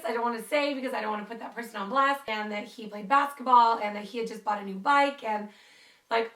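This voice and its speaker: Brief: young woman vlogger, storytime chat, high-ish voice, a bit off-mic in a roomy space. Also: far from the mic. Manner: chatty, animated, lots of "like". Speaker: YouTuber telling a story. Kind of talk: casual storytime vlog.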